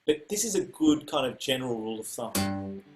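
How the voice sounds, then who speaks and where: Male music teacher, casual lesson, scatting rhythms, accented syllables, medium pitch, guitar behind. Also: expressive, normal speed. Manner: scats rhythms on repeated syllables, loud and soft. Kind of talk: casual instructional talk.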